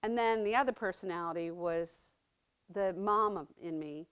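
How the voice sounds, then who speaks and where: Speaking as a mother, a middle-aged woman gives a personal testimony in a lowish, clean, fairly bright voice at a moderate pace. She's conversational and earnest, often asking the audience "right?"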